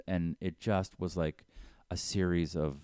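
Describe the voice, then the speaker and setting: Low-voiced man rambling, swearing. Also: flat delivery, measured pace, darkish tone, no room sound, clean studio sound. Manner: rambling, swears, breaks into comic impressions. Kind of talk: casual chat.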